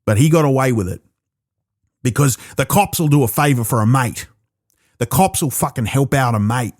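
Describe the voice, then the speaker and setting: A man with an Australian accent doing a profane, animated stand-up set alone in his own room, stammering into restarts. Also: mid-range voice, normal speed, no room sound, clean studio sound. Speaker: stand-up comedian. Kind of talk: stand-up comedy performed alone.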